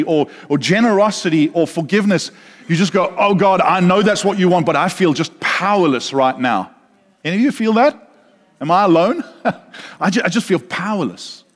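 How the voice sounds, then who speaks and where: A man preaching a sermon, earnest and repeating words, asking the congregation questions. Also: a little high. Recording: long reverb of a large hall.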